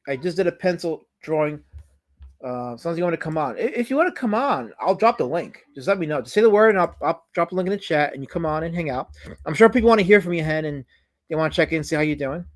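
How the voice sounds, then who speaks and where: A man's voice: on the high side, lively intonation, fast. Man hosting a drawing stream, mock-offended. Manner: mock-offended, theatrical fake whining. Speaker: livestream host. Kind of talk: casual live-stream chat while drawing.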